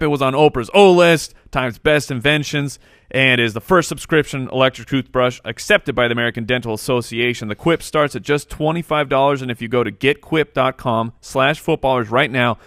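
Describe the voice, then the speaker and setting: Bright-voiced playful male co-host. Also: medium pitch, no echo, studio quality. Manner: playful, hams up announcements and ads. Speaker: podcast co-host. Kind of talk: casual podcast chat and sponsor read.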